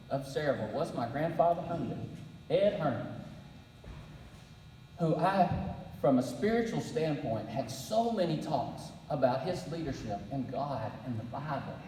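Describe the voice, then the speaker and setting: A man's voice: a little high, very animated, a little slow, long pauses, a little mellow, a little hiss or hum. A middle-aged man giving a faith-based leadership talk at a breakfast, telling folksy stories with dry humor. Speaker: breakfast speaker. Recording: roomy hall, distant mic.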